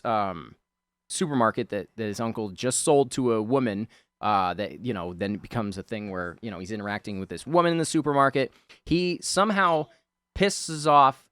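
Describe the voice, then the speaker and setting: A man's voice: medium pitch, dry recording. A man giving rambling, chatty voice-over commentary on a video of his drawing, full of fillers.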